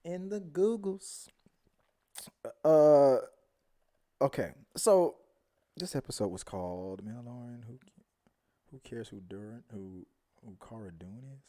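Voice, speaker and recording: A man hosting a casual live-stream review, rambling and animated, often trailing off into mumbles. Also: fairly low pitch, a little slow, long pauses. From Houston, Texas area. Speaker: show host.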